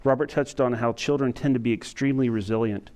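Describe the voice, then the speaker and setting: A middle-aged man lectures to a room of emergency responders in a flat, even delivery, stumbling through frequent ums and restarts. His voice is smooth and clean, sitting at an ordinary male pitch. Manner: self-described monotone, halting with frequent fillers. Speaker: emergency physician giving a training lecture. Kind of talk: conference lecture to EMS staff.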